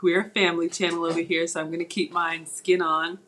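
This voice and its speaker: A woman's voice: fairly low pitch, level tone, fairly quick, fairly bright tone, slight background noise. A woman hosting a live cooking stream from her home kitchen, chatting with viewers and reading their comments aloud as she works. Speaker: cooking channel host. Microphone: tablet on the counter.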